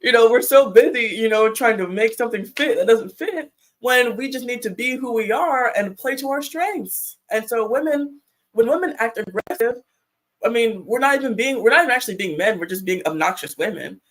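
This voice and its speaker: A woman speaking as a panel guest in casual chat, talkative and lively. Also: fairly high pitch, moderate pace. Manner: chatty, acts out quotes, laughs.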